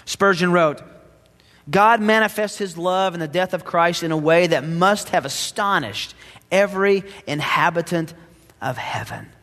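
A male pastor preaching a sermon, dramatic, swinging between loud emphasis and hushed asides. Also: high-pitched, measured pace, in a large hall.

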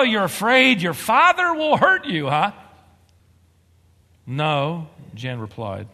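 A man preaching a sermon as a pastor, talking with animated emphasis that climbs to excitement. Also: medium pitch, big-room sound.

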